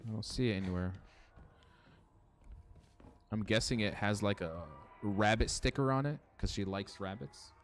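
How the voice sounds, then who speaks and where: A man's voice: fairly low pitch, normal speed, pauses often, faint music behind. A young man streaming a horror game, chatting casually, swearing and answering his chat. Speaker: gaming streamer. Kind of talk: casual let's-play commentary.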